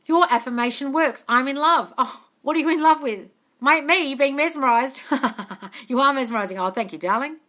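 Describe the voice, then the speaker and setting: Bright-voiced woman chatting on a phone live stream. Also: high voice, moderate pace. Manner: frank and chatty, swears freely, calls viewers darling; reads viewer comments aloud and answers them. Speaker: manifestation coach answering live questions. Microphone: phone at arm's length.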